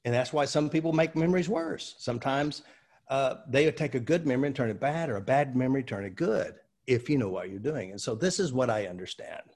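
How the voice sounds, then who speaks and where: A man from the United States, a seminar trainer explaining ideas through lively anecdotes in conversation. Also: medium pitch, a little fast. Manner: animated anecdotal delivery with fillers.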